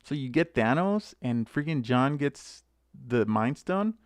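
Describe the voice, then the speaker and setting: Man, live-stream host, excitable and chatty, unhurried delivery, dry close sound. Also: mid-range voice, no echo. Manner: excitable, chatty, talks to viewers by name. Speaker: channel host opening card packs. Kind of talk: casual live-stream pack opening.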